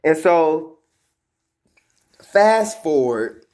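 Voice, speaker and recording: A man with a fairly high voice and stretched-out words casually recounts a personal spiritual experience. He rambles, leans on fillers and repeated words, and animatedly acts out the quotes as he retells them.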